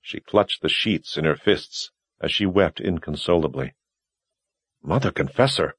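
A man narrating a novel in a measured, even storytelling manner. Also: a bass voice, husky, no room sound. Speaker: audiobook narrator. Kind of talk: scripted narration.

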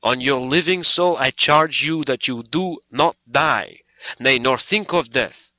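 A man reading aloud, voicing an elderly male doctor who speaks slowly, gravely and with fatherly pleading. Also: fairly low pitch, animated, bright, forceful tone, dry recording, heavily acted, poor audio. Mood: solemn. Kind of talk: audiobook character voice.

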